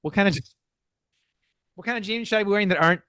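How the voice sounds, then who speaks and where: A man co-hosting a casual podcast, reading race results in a playful, excitable way and tripping over names. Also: high voice, fast talker, clean tone, no echo, clean studio sound. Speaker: podcast co-host.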